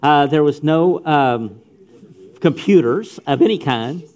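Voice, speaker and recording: A middle-aged pastor preaches slowly and expressively to young people, emphatic and repeating phrases as he addresses them directly. His voice is fairly high and a little mellow.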